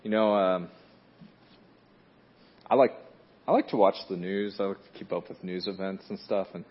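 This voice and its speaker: Husky-voiced man telling a sermon story. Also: moderate pace. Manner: conversational, many fillers and restarts; rises loud and high in dramatic moments. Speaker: preacher. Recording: dull lo-fi recording.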